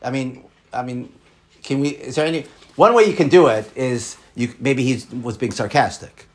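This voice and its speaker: A man teaching a Torah class, quoting Hebrew texts and explaining them in an animated, repetitive way. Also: mid-range voice, moderate pace. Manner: animated, repeats words, quotes Hebrew texts.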